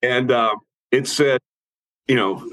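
A man's voice: mid-range voice, slow, a bit bright, rough recording. A middle-aged or older man, a guitarist guest, telling a long casual story with many fillers and restarts.

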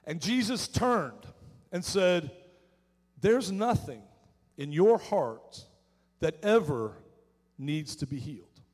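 A male pastor preaching a sermon in earnest, slowing down on key words for emphasis. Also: on the high side, sing-song, a little mellow. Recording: church hall with long reverb.

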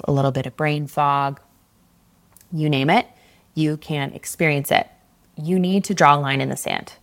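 A woman hosting a solo podcast, giving candid, conversational coaching advice with an occasional casual swear. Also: sits low. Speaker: podcast host, fitness coach.

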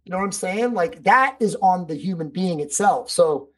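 A man's voice: high-pitched, lively intonation, normal speed, poor audio. A man speaking as a podcast guest in casual conversation, emphatic and preachy, swearing freely.

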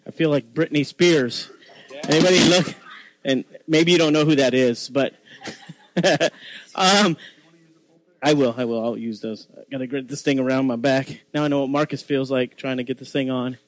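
A man's voice: medium pitch, moderate pace, no room sound, low-quality recording. A man in his forties from Texas with a Texan accent, giving an informal, chatty sermon full of self-deprecating asides and restarts. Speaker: guest preacher.

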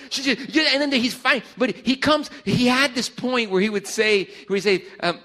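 A man preaching a sermon to a congregation in a church, animated and joking with the crowd as their pastor. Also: extremely high pitch, normal speed. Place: church service before a congregation.

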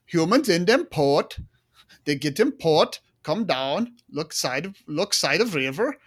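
Storybook seagull, male, gruff, Scandinavian lilt, clipped broken phrasing, pitched a bit high and loud; a man doing the voice. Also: big pitch swings, unhurried, exaggerated voice.

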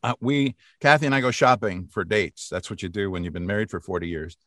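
A man's voice: lowish voice, fairly quick, a bit bright, no room sound, clean studio sound. A man in his sixties, a voice actor, telling stories animatedly in a casual interview and laughing often. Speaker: voice actor guest.

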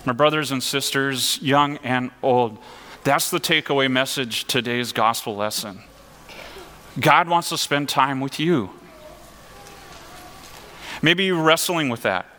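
A man's voice: medium pitch, slow, long pauses, sharp tone, big-room sound. A man preaching a sermon in an earnest, conversational way, asking his listeners questions. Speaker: pastor.

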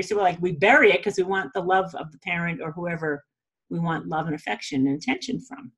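A woman's voice: fairly low pitch, fairly even intonation, quick pace, fairly bright tone, breathy edge. A woman in a casual spiritual teaching talk, chatty, often laughing and saying "you know" and "like".

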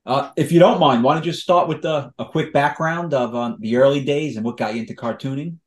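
A man hosting an interview podcast, talking casually with halting restarts. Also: mid-range voice. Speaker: podcast host.

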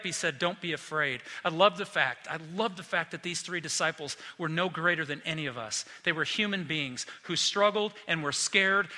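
A middle-aged man delivers a sermon with a sharp, bright tone, slightly higher than most men. He acts out the disciples in quick, animated asides. His voice rings out with a long reverb. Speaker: pastor.

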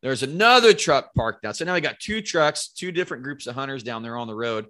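A man telling hunting stories as a guest in a casual podcast interview, animated and rambling, with free swearing. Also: medium pitch, a little fast. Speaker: podcast guest, bow hunter.

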